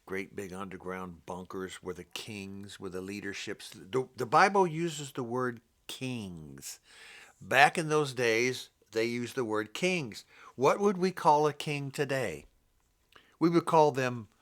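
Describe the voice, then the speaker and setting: A man's voice: mid-range voice, fairly bright tone. Blunt, scolding older man preaching. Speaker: Bible teacher. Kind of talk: informal preaching monologue.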